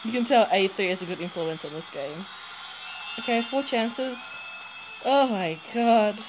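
A woman giving a live, excitable reaction commentary while pulling cards in a mobile game, gushing and laughing. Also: mid-range voice, measured pace. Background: game music.

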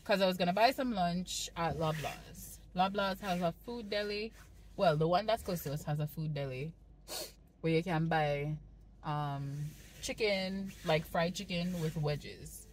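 A lifestyle vlogger with a Jamaican accent chats casually into her phone's front camera, telling stories and now and then turning to her toddler. Her voice is on the low side and unhurried, with slight background noise. She films in the car, outdoors in the cold, and at home.

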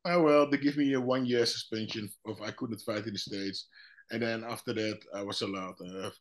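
A man with a lowish voice, speaking at normal speed, is a guest and former fighter telling a story in casual chat. He's animated, restarts often, and acts out other people's lines as quotes.

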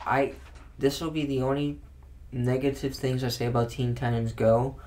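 A man's voice: medium pitch, moderate pace. A man co-hosting a casual podcast chat, swearing freely and acting out mocking quotes in his stories. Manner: profane, animated, acts out mocking quotes. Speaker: podcast co-host.

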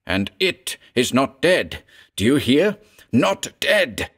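Guy doing a frantic cursed heir, raving high and shaky then gone all faint. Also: animated, a little slow, gravelly, slightly rough, exaggerated voice. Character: fevered, terrified male heir of a cursed house.

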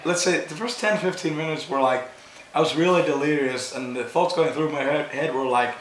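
A hoarse man, a concert-goer, talking casually and hesitantly in an interview right after a show. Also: fairly high pitch, fairly quick. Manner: hesitant, gropes for words. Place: outdoors at a festival at night. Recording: echoey with loud background noise.

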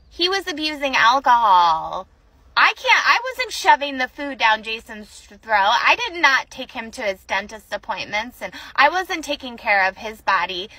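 A woman in an angry, profane personal rant, shouting at times. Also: high-pitched, sing-song, normal speed, husky, no echo. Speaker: vlogger.

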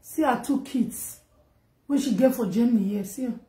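A high-pitched woman with a Nigerian Pidgin accent runs an emotional gossip vlog, getting animated and loud as she talks. Her voice bounces around an echoey room. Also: moderate pace. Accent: Nigerian Pidgin English. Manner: animated storytelling in Pidgin, rising and loud when upset. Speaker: vlogger. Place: home in Germany.

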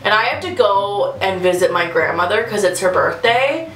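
A woman's voice: mid-range voice, animated, normal speed, fairly bright tone, roomy sound, faint music behind, low-quality recording. A young woman doing a casual makeup tutorial at home, chatting nervously and giggling, poking fun at herself. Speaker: beauty vlogger.

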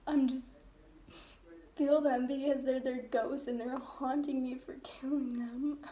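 A woman's voice: high-pitched, a little mellow. A young woman vlogging without sleep, tired and weepy, rambling and sighing as she talks to the camera. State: exhausted from no sleep. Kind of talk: rambling confessional vlog.

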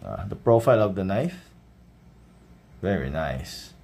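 A Filipino-accented man with a fairly low voice talks through an unboxing at an unhurried pace. He keeps it casual and easygoing, checking in with his viewers with a questioning "right?" as he shows off each detail. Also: creaky, slightly rough, soft background music. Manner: relaxed show-and-tell, often adds a questioning "right?". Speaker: knife reviewer.

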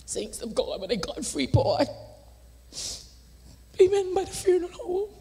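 High-voiced Bahamian woman testifying in church. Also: sing-song, a little slow. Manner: fervent, preacherly, swings from shouts to whispers. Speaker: church member giving testimony. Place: large church sanctuary. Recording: church livestream with long hall reverb.

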